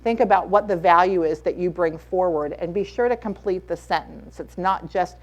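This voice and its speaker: A woman's voice: on the low side, normal speed. A woman speaking as a conference panelist, giving advice emphatically and repeating her key points. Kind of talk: advisory panel talk. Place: conference room.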